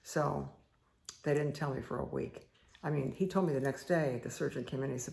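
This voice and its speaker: Gravelly-voiced woman telling a story. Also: rumbling low, steady tone, brisk, a little mellow. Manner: rambling, many fillers and asides. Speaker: meditation host. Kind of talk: casual personal storytelling.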